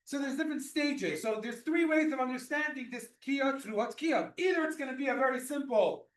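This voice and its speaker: A man's voice: extremely high pitch, moderate pace. A man teaching a class on religious law, explaining it with everyday examples and often restarting his sentences. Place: class room or synagogue. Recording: echoey room, mic far off.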